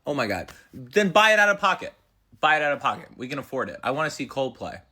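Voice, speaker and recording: A man's voice: medium pitch, animated, fast, a bit bright, slightly rough. A man playing a whiny, clingy wife who pleads with her husband in a comedy sketch.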